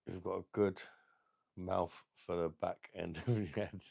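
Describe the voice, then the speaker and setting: A deep, gravelly young man chats loosely on a live stream for his beer channel. He swears a lot and turns emotional, speaking to viewers in a dry, close-up recording. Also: steady tone, unhurried, darkish tone, dry recording. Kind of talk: casual live stream chat.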